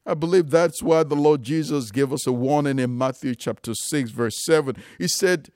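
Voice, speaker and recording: A man's voice: mid-range voice, moderate pace, few pauses, darkish tone, dry recording, studio quality. A man preaching a sermon, emphatic and rising and falling for emphasis, calling his listeners loved ones.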